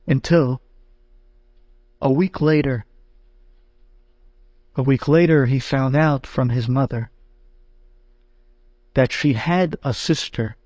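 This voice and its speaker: A rabbi telling a story dramatically, building to high, excited outbursts. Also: male voice, slow, pauses often, no echo. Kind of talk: animated storytelling to an audience.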